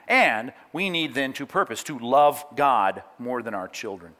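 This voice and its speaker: A man's voice: medium pitch, a little slow. A middle-aged man preaching a sermon, breaking into acted-out quotes and telling listeners to jot down references. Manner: animated preaching with acted-out quotes and asides to note-takers. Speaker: pastor.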